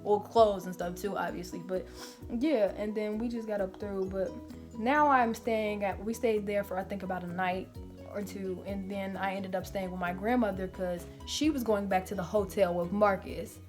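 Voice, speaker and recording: A woman vlogger chats through a get-ready-with-me storytime in a casual, cursing, animated way. Her voice sits at an everyday middle pitch. Soft music plays faintly under her talk. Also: normal speed. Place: grandmother's apartment indoors.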